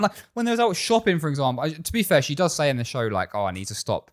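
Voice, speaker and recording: A young man co-hosting a podcast in casual chat, animated and blunt, swearing often and filling his speech with "like". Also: a little high, fast talker. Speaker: podcast co-host.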